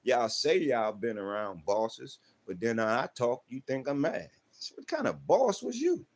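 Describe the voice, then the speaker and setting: A livestream host from South Central Los Angeles rants to his chat in a profane, confrontational monologue, speaking AAVE and firing off rhetorical questions. His medium-pitched voice is sing-song and unhurried.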